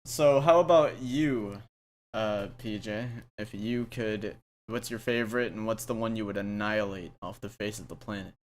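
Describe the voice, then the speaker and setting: A man's voice: fairly low pitch, moderate pace. A young man co-hosting a casual podcast, rambling through stories with restarts and frequent giggles. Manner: rambling storyteller with many restarts and fillers, giggly. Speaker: podcast co-host. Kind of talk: casual chat.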